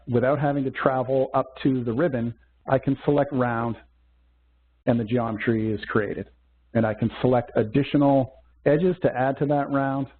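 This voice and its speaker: A man teaching a software demo in a webcast, walking through steps methodically with small fillers. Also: mid-range voice, husky. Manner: methodical step-by-step explaining with fillers. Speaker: software instructor. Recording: tinny phone-like webcast audio.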